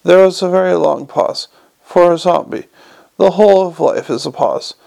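A man reading a novel aloud in an even storytelling manner, with small slips. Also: high-pitched, normal speed, creaky. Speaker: audiobook reader.

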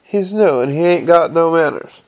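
A man's voice: on the high side, lively intonation, normal speed, poor audio. A man reading aloud and voicing a blunt, coarse coachman who gives orders and mocks with false politeness. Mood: scornful. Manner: bossy, coarse, mock-polite. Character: gruff blunt coachman, quick-witted man.

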